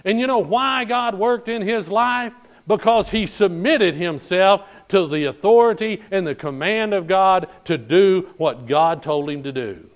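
A man's voice: high voice, unhurried. Folksy preacher man telling a story. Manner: folksy storyteller, repeats "I'm telling you", swings from hushed to loud. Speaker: pastor. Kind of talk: sermon.

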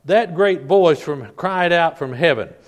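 A man with a fairly high voice preaches with fervent emphasis, repeating phrases and drawing out the words he stresses. He leans on the congregation, calling them folk and pressing each point home. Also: animated, a little slow. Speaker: pastor. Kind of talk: sermon. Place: church service.

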